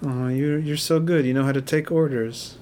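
A man's voice: medium pitch, fairly even intonation, normal speed, noisy background. Teasing podcast host, man. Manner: teasing, rambling, stammering restarts. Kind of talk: casual chat.

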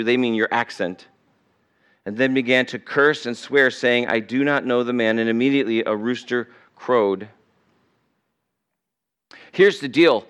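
A man with a smooth, fairly bright mid-range voice preaches at normal speed in a church sanctuary. His sermon feels conversational, and he sometimes slips into the voices of the story's people.

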